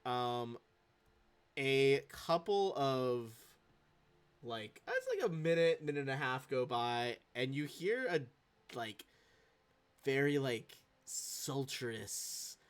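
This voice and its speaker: A male game master narrating a tabletop game, his pitch swinging widely as he talks. He rambles casually and pauses often to think. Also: clean tone. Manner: casual, rambling, lively delivery.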